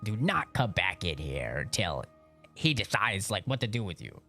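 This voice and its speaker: A man's voice: on the low side, very animated, normal speed, sharp tone, soft background music, pitched below the performer's own voice, heavily acted. A man voicing a stern schoolteacher who scolds a boy and sends him to the principal. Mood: stern scolding. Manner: curt, scolding. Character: stern angry woman schoolteacher.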